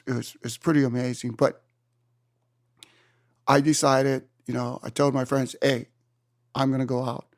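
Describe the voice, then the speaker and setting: A man in his seventies from Hawaii, an interview guest telling surf stories in an animated way and acting out his own exclamations. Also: mid-range voice, dry recording, studio quality. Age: 70s. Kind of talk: storytelling in a conversation. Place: room.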